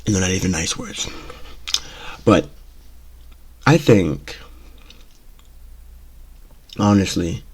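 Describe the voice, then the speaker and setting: A man's voice: low-pitched, expressive, slow pace, long pauses, a little mellow, husky. A man hosting his own talk show, giving blunt, opinionated commentary and often repeating himself with "okay?" and "you know?". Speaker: show host.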